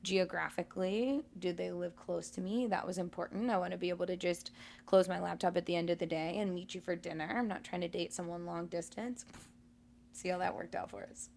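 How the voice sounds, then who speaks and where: A woman co-hosting a conversational podcast, reflecting candidly on her past in a relaxed, storytelling way. Her voice sits a little low and crackles with gravelly fry. She talks easily, with small fillers along the way. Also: fairly quick. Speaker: podcast co-host.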